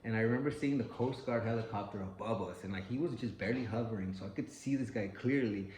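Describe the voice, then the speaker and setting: A man's voice: lowish voice, quick pace, a little mellow, roomy sound, a little hiss or hum, poor audio. A man telling a personal story in a loose, profane way, full of "like" and acted-out quotes.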